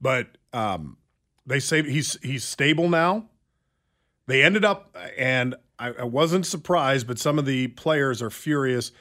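A middle-aged man co-hosting a talk show, telling a story with stammered restarts and lively bursts. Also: medium pitch, slow pace. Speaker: radio show co-host. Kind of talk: casual chat.

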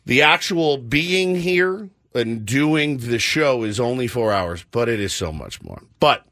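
A man hosting a morning sports radio show, telling stories in an animated, rambling way and laughing often. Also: mid-range voice, a little slow. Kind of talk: casual morning radio chat.

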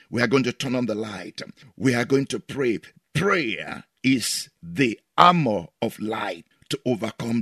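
A man's voice: mid-range voice, fairly bright tone, slightly rough, dry recording, clean studio sound. A man preaching as a pastor, repeating each line with emphasis and leading the listener through prayers. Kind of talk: prayer sermon.

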